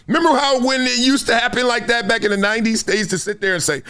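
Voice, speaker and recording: A middle-aged man hosting solo sports commentary, animated and fond of acting out quotes in other voices. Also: very high-pitched, fast, hardly any pauses, clean tone.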